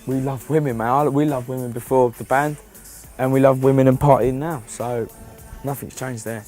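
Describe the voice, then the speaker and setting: A man's voice: medium pitch, steady tone, moderate pace, dark tone. A young man from a pop band, cheeky and joking in an interview. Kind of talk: interview talk. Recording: music playing behind. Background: faint music.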